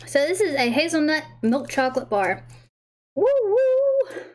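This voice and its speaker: A woman's voice: sits high, lively intonation, a little fast. A woman hosting a casual livestream, bubbly and giggly, who stumbles over words as she reads aloud. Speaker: livestream host tasting snacks.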